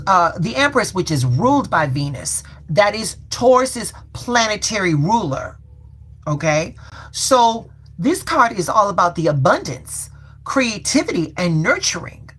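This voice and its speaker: A woman hosting a live-stream tarot reading, folksy and colloquial, calling her viewers baby and y'all and repeating affirmations slowly. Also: fairly high pitch, a bit bright, slightly rough.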